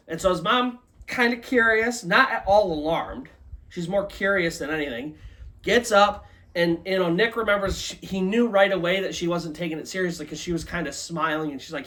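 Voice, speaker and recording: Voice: medium pitch, a little fast, a bit bright. A storyteller giving a live, loosely conversational retelling of a ghost story. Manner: loose conversational telling with many "like" and "kinda".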